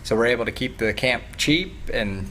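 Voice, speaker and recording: A man's voice: medium pitch, lively intonation, normal speed, sharp tone, slight background noise. A man who coaches youth wrestling, talking casually as a guest on a morning TV show, laid-back and full of fillers. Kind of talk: casual TV interview.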